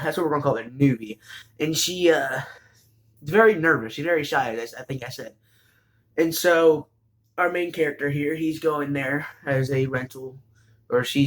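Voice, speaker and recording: A man casually recapping an anime, rambling with lots of fillers and restarts and bursts of excitement. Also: mid-range voice.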